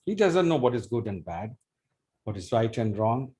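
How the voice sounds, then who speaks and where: Gentle wandering holy man, soft and calming, as a storyteller plays him. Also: medium pitch, normal speed, pitched below the performer's own voice, close to an everyday voice.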